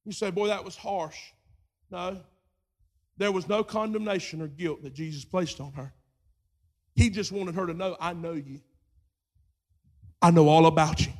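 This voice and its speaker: High-pitched guy preaching, goes from soft to hollering, does voices for the people in the story. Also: steady tone, unhurried, long pauses. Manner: swings from quiet storytelling to shouted preaching; acts out voices in his retelling. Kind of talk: sermon.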